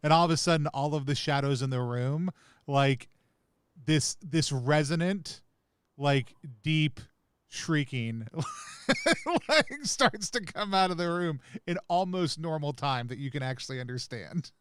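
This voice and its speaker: A man playing a tabletop game, animated and rambling, laughing often as he describes his character. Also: a little high, normal speed, clean tone, dry recording. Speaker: player. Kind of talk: tabletop role-play chat.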